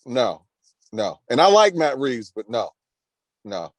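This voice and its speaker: A man's voice: mid-range voice, very animated, takes it slowly, no room sound. A man hosting a podcast in casual chat, teasing and laughing, with profanity. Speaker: podcast host.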